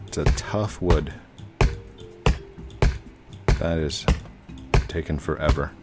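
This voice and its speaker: A man's voice: very deep voice, slow pace, pauses often. A man hosting a gaming channel, giving chatty, rambling gameplay commentary and humming to himself. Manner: chatty, rambling, hums and self-corrects. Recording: game music under voice.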